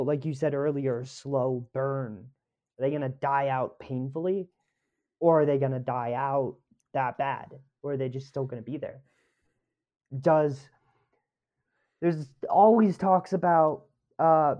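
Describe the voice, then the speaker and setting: Slow, thoughtful man on a dull line. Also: a little high, dark tone. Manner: thinking aloud, hesitant. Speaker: co-host. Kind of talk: casual sports chat.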